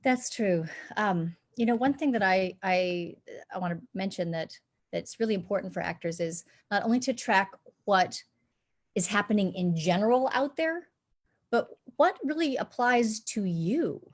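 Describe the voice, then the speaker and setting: A woman's voice: medium pitch, expressive, moderate pace. A woman dialect coach hosts a live online Q&A, talking over a video call. Her tone is earnest and explanatory as she advises actors.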